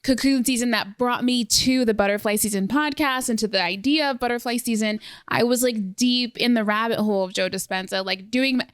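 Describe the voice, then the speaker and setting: A young woman hosting a podcast in casual conversation, lively and fond of acting out what others said to her. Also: on the high side, fairly quick, few pauses, smooth, no echo, clean studio sound. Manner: animated, acts out quoted exchanges. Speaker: podcast host. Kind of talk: casual interview chat.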